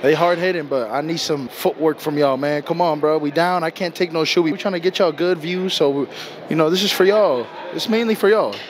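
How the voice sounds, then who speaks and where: A young American man hosting a vlog outdoors at a stadium, talking fast and slangy and shouting with excitement. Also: fairly high pitch. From United States. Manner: hyped, slangy, shouts over the crowd. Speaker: vlog host. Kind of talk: excited casual vlog chat. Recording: loud stadium crowd noise behind.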